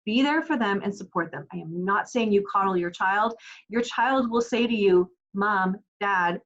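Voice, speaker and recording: A woman's voice: mid-range voice, lively intonation, moderate pace, lo-fi sound. A woman in her forties giving parenting advice as a coach, earnest and encouraging, often asking rhetorical questions. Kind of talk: direct-to-camera parenting advice.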